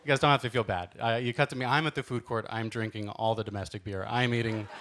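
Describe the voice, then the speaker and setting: A man's voice: lowish voice, steady tone, fast talker, fairly bright tone. A man in his thirties from Los Angeles, a stand-up comedian telling self-deprecating stories in a theatrical way on a club stage. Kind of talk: stand-up storytelling. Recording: noisy live club recording.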